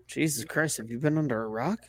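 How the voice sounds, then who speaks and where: A man's voice: medium pitch, fairly quick. A man co-hosting a sports podcast, laid-back and wry, in casual chat. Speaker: podcast co-host.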